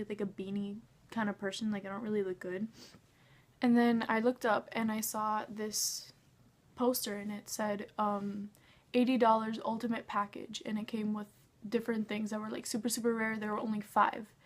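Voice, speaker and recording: A woman's voice: medium pitch, level tone, normal speed. A young woman telling a casual storytime vlog about meeting her idol. She gushes, says "like" constantly and acts out what everyone said. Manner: gushing, says "like" a lot, acts out quotes. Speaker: fan telling a concert story.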